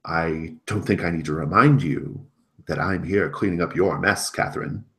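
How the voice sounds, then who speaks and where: A man's voice: deep voice, normal speed. A man voicing a stern older nun on the phone, cold and scolding.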